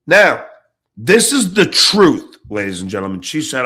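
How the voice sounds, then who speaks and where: A middle-aged man hosting his own podcast, ranting angrily and profanely, jumping between shouts and low mutters. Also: big pitch swings, normal speed. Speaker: podcast host. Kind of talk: angry ranting monologue.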